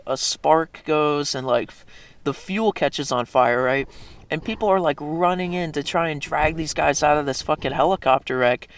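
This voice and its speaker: Gravelly, profane young man rambling. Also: a little high, dry recording. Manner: profane, rambling, with frequent fillers and self-corrections. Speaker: video creator. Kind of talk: casual storytelling monologue.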